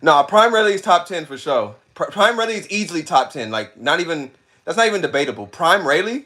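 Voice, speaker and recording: On a brisk livestream, this man speaks with a voice on the high side, going through chat comments in loose, slangy talk. He says things over and over and often cracks up, staying animated throughout.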